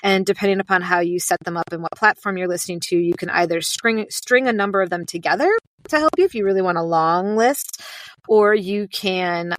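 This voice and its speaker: A woman's voice: on the low side, a little fast, a bit bright, no echo. A woman with an American accent, a podcast guest chatting casually and upbeat with many restarts. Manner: chatty, upbeat, fillers and self-interrupting restarts. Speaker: podcast guest, sleep podcast host. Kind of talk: casual conversational interview.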